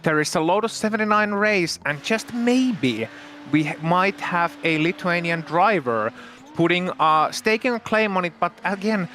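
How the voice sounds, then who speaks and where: A man's voice: sits high, expressive, normal speed, pushed and bright, slight background noise. A man co-commentating a sim racing broadcast in a chatty, playful way, listing drivers and positions.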